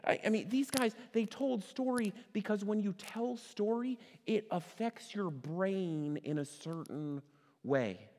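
A middle-aged man preaching a sermon in a conversational way, asking his listeners questions and slowing down to stress key words. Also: high-pitched, a little mellow. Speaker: pastor. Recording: long hall reverb.

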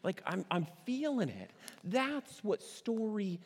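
A middle-aged male pastor preaches with a fairly high voice, keeping it conversational and throwing questions out to the crowd. He slows right down on the words he wants to land. The sound rings with the long reverb of a big hall. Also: sing-song. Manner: conversational, asks the audience questions, stresses words by slowing down. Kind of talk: sermon.

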